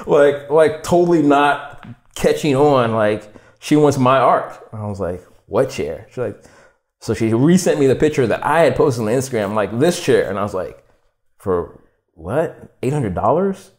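A young man telling his story as a podcast guest, casual and animated, swearing and acting out quoted lines with lots of "like". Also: mid-range voice, normal speed. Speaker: podcast guest, furniture designer.

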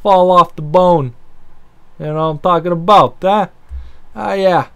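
A man's voice: sits high, a little slow, gravelly, smooth, muffled recording. A man telling a story-time rant, sarcastic and profane, rambling with asides.

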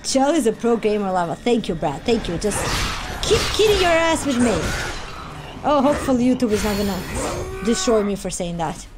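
A woman gaming YouTuber giving loud, excitable let's-play commentary, yelping, laughing and chatting with her viewers. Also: on the high side, moderate pace, background noise. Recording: game music playing underneath.

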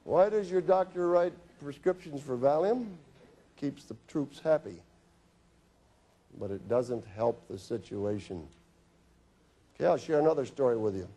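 A man's voice: medium pitch, lively intonation, measured pace, long pauses, mellow. A middle-aged man, a physician, telling humorous stories from his practice in a health talk, acting out his patients' lines. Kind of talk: storytelling health lecture.

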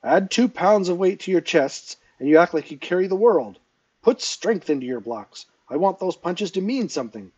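A man's voice: sits high, lively intonation, normal speed, a little mellow, husky, voice pushed up. A grinning, hearty male combat instructor, as a man puts him on for a storybook reading, barking out drills in a raised, jovial voice. The recording is dull and lo-fi. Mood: teasing. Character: cheerful, teasing male martial-arts teacher.

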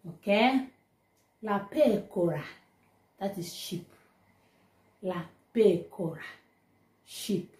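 A woman with a Nigerian Pidgin accent teaching vocabulary informally, repeating each word slowly and then chatting in Pidgin asides. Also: mid-range voice, lively intonation, darkish tone, echoey room. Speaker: language teacher.

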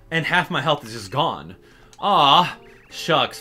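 A man giving casual, excitable gameplay commentary, thinking aloud as he plays. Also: a little high, takes it slowly, soft background music.

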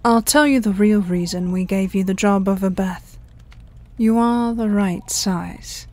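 A woman's voice: medium pitch, a little slow, a little mellow, no room sound, close to an everyday voice. A woman voicing a sly male alien disguised as an office boss, speaking in a sinister, mocking tone.

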